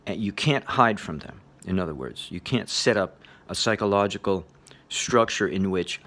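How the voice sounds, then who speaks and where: A man giving a relaxed spoken lecture on meditation, chuckling often in a loose, playful way. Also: sits low, normal speed. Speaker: meditation teacher.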